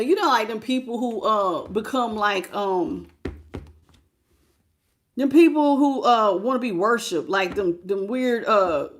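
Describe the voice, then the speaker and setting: A woman with a high, light voice gives a casual tarot reading straight to her viewers. She talks bluntly and colloquially and drifts into stories, calling her audience "y'all". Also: a bit bright. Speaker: tarot reader.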